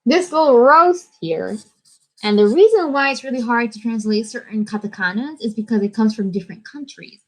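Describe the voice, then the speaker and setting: A woman's voice: fairly high pitch, expressive, moderate pace, rough recording. A young woman from the United States with an American accent, hosting a casual livestream and switching between English and Japanese in a bubbly way. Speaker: livestream host.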